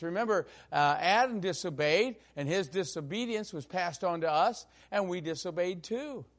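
A man preaching a sermon as pastor, stressing key phrases slowly and often pausing on fillers. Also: high-pitched.

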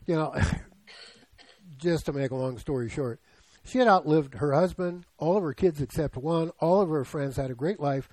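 A man's voice: on the high side, unhurried, darkish tone, no room sound, poor audio. Give me an older male pastor preaching conversationally. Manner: conversational, asks the congregation questions. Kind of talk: sermon.

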